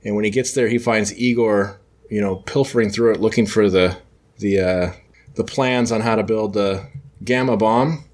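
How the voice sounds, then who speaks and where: Rambling low-voiced man recapping a comic. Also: steady tone, moderate pace, a little mellow. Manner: rambling, self-correcting, with fillers. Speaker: podcast host. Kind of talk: casual chat, recapping a comic.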